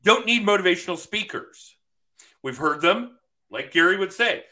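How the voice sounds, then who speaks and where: Bright-voiced frank man hosting. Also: high voice, expressive, moderate pace. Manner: frank, swears casually. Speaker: podcast host. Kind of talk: casual podcast chat.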